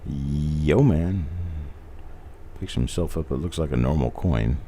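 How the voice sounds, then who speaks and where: Deep-voiced man clearing his throat. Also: slow, mellow, a little hiss or hum. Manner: chatty, reads viewer comments aloud, repeats points for emphasis. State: frequent throat clearing, frog in throat. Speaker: host of a live coin roll reveal stream. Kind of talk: casual live-stream chat.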